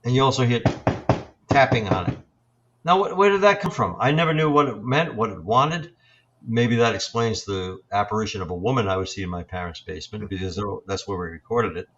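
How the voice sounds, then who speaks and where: A man in his sixties, a paranormal investigator, telling his experiences in a halting, reflective way with many fillers and restarts. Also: on the low side, lively intonation, fairly bright tone, highs cut off, a little hiss or hum. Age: 60s. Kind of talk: storytelling in an interview.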